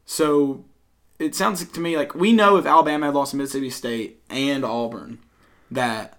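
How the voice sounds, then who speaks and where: A man's voice: medium pitch, moderate pace. Young male co-host, casual rambling sports talk, filler-heavy. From Tennessee, US. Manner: rambling, many fillers, mock-yells impressions. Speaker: podcast co-host.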